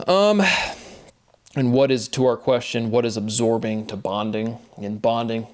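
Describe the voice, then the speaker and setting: A man thinking out loud in a loose monologue, breaking off his sentences and starting them again. He hurries through some phrases and stretches out single words. Now and then he drops in a sarcastic aside. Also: medium pitch. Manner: rambling, self-interrupting, speeds up and slows down on words. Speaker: video host. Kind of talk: casual solo monologue.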